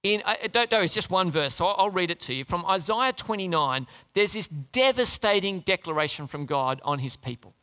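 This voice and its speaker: A man's voice: sits high, animated, brisk, hardly any pauses, bright, forceful tone, in a large hall. A man preaching a sermon as pastor, talking conversationally and putting questions to the congregation.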